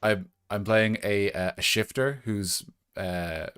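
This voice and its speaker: A man's voice: fairly low pitch, a bit bright, clear, resonant tone. A man, joking and bantering as a player at a tabletop game. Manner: jokey, quick banter. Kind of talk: casual chat at a tabletop game.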